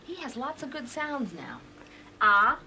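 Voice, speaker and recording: A woman psychologist instructing parents and coaching a child, encouraging, with short repeated praise and filler pauses. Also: fairly high pitch, big pitch swings, gravelly, sharp tone, slight background noise. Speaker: psychologist running therapy sessions.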